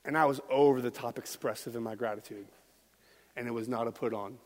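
A middle-aged man preaching a sermon as pastor, swinging from quiet talk to loud shouts. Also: mid-range voice, a little fast. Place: church hall. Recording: long hall reverb.

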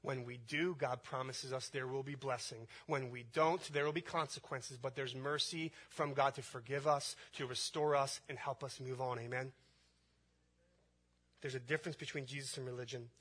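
A man's voice: mid-range voice, steady tone, normal speed, a bit bright, slightly rough. A man preaching a sermon, building emphasis through repeated phrases. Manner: preaching with rising emphasis and repetition. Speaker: pastor.

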